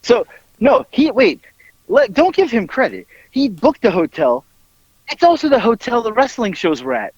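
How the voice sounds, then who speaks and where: A man telling stories in a casual podcast chat, with lively mimicry of the people in them. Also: moderate pace, husky, dry recording, highs cut off. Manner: animated, mimics others in a high strained voice. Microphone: headphones over remote call.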